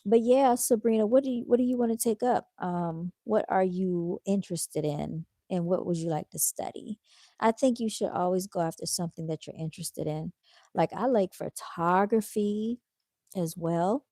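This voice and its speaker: A woman's voice: medium pitch, lively intonation, unhurried, warm tone, dry recording, studio quality. Tired woman chatting on a livestream. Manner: chatty, reads viewer comments aloud; laid-back, addresses viewers as y'all. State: tired, yawning. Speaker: livestream host. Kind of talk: casual livestream chat.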